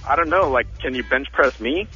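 A man in his twenties on a radio show, hesitant and blunt, with a husky voice. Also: medium pitch, lively intonation, normal speed, pushed and bright, faint music behind. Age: 20s. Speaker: single guest picking dates. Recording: slightly dull radio broadcast.

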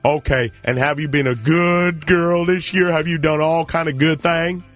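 A man's voice: a little high, steady tone, moderate pace, a bit bright, soft background music, lightly acted. A man playing a crude, hillbilly Santa Claus on a radio call-in, using broken grammar and talking about himself in the third person. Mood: joking. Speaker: comedy character on a radio call-in.

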